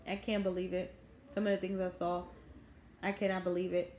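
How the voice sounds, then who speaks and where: A woman's voice: fairly low pitch, flat delivery, brisk, a little mellow. A woman, ranting to her viewers in a bitter, indignant vlog. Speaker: vlogger. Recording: echoey room, faint background noise.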